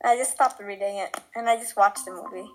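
A woman's voice: medium pitch, brisk, low-quality recording. A teenage girl chatting eagerly on a video call, full of likes and you-knows. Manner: enthusiastic, filler-heavy. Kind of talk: casual video-call chat.

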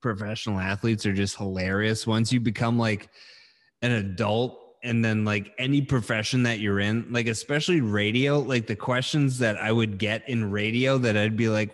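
A man's voice: on the low side, fairly even intonation, moderate pace, big-room sound. A man in casual chat, rambling a little and laughing as he talks. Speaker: co-host.

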